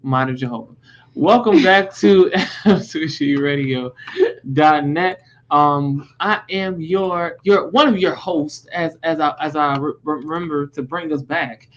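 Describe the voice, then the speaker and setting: A man's voice: on the high side, highs cut off. A man co-hosting an online radio show, bantering playfully and teasing his co-host. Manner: playful, teasing, quick to protest.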